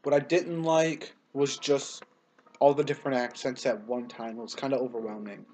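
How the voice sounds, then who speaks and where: A man's voice: mid-range voice, steady tone, moderate pace, darkish tone, slight background noise. A man casually co-hosting a review chat, giving plain, matter-of-fact opinions. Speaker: co-host reviewing a TV series.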